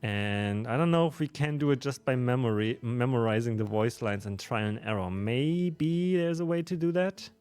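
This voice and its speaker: A man's voice: medium pitch, moderate pace, hardly any pauses, a little mellow, clear, resonant tone, soft background music. A man with a German accent chatting casually with viewers on a live stream while playing a game, laughing often.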